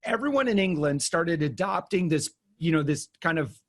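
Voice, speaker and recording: A man's voice: on the high side, lively intonation, normal speed. A man from the United States hosting an interview in a chatty way, with a lot of fillers and laughter. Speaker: podcast host. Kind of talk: casual interview chat.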